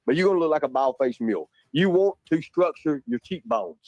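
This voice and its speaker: A man's voice: a little high, lively intonation, fairly quick, dry recording, lo-fi sound. A man arguing bluntly and profanely in a casual stream. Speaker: livestreamer in a played clip. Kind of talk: heated casual argument.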